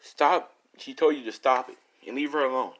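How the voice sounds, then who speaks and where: A man voicing an earnest young male hero who speaks calmly and courteously, with some hesitation. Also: mid-range voice, moderate pace, voice pushed up, lightly acted, rough recording.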